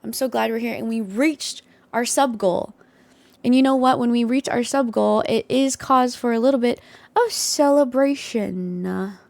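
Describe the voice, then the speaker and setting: A woman's voice: measured pace, vocal fry, a little mellow, no echo. A young woman hosting a casual live stream from her desktop setup, bubbly and full of hype. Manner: bubbly, hype, high-energy. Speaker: livestream host.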